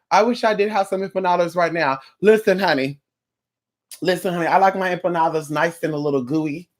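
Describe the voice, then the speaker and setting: A live streamer chatting casually with viewers, sassy and campy, calling them girl and honey, swearing freely and rambling from topic to topic. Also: mid-range voice. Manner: sassy, campy, drawn-out endearments, frequent profanity.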